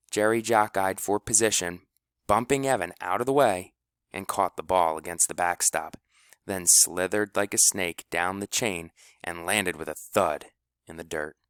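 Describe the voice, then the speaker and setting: A man narrating an audiobook with expressive storytelling. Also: sits low, smooth, no echo, studio quality.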